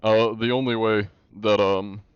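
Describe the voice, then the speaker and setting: A man's voice: fairly low pitch, fairly even intonation, measured pace, clear, resonant tone, no room sound, highs cut off. A man streaming live, chatting casually while gaming and answering his chat, rambling with many fillers and restarts.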